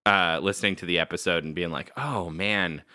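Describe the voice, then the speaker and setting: A man hosting a casual podcast, recapping a cartoon with animated, self-mocking energy. His voice is bright and sits a little low. The sound is dry and close. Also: fast talker, smooth, no echo. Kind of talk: casual chat.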